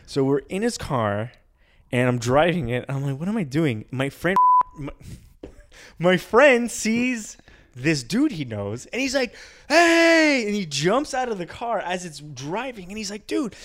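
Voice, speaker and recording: A man's voice: fairly high pitch, unhurried. Rambling young man telling a story. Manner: rambling, animated, acts out other people's shouted lines. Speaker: podcast co-host. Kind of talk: casual storytelling chat.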